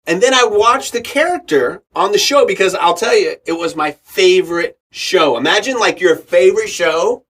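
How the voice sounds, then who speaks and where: His voice sits high and slightly rough, moving at a moderate pace with few pauses. A middle-aged actor and radio host, he's guesting on a podcast, animatedly telling a story, performing the quoted voices of its characters and laughing frequently.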